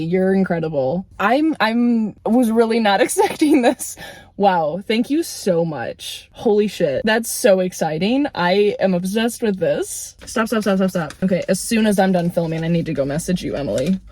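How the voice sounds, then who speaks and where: A woman book vlogger chatting casually in a parked car, gushing and excitable, laughing often as she talks. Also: mid-range voice, moderate pace, no echo. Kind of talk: casual vlog chat.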